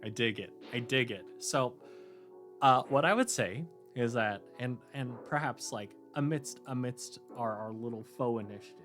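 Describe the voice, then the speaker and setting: Narrating as game master for a tabletop session, this man keeps hesitating, filling gaps and restarting his sentences often. He speaks at normal speed with a medium pitch and a fairly bright tone, over faint background music.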